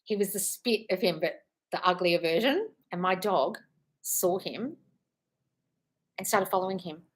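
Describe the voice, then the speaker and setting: A woman's voice: on the low side, a little slow. A woman hosting a live stream as a manifestation coach, reading viewer comments aloud, swearing freely and calling viewers darling. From United Kingdom.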